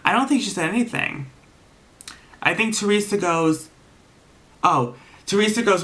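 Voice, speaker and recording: Bright-voiced man recapping reality TV. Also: on the high side, moderate pace. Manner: animated, profane, retells scenes in quoted voices. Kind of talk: casual episode recap.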